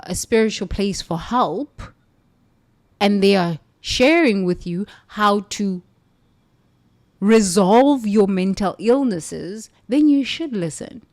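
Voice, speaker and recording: A woman from the United States, a former nun, telling a spiritual story in an emphatic, animated way. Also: medium pitch. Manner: animated, emphatic, laughs between lines.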